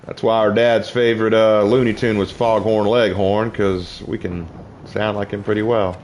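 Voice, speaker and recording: Brief: low-pitched Southern US man, jokey gamer, faint noise behind. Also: little pitch movement, normal speed, darkish tone. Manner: joking, laughs often. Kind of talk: casual gameplay chat.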